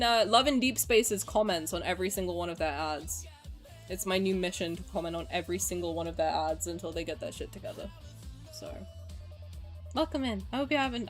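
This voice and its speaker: A young English woman streaming live, chatting frankly and emotionally, ranting and swearing as she greets her viewers. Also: medium pitch. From England. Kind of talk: casual livestream chat.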